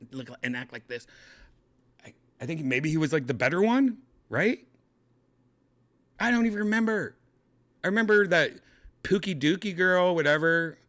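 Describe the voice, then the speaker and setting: A man telling a casual story as host of his own show, rambling, correcting himself, and jumping up into high voices to mimic people. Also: a bit bright. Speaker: podcast host.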